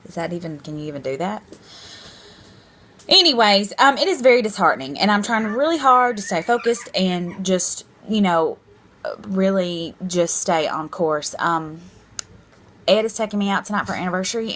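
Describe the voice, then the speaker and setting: A woman in her thirties talks straight to camera in a casual vlog, candid and a bit rambling. She is self-deprecating and frank, with a voice that sits on the lower side for a woman. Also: fairly bright tone, slight background noise. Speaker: vlogger.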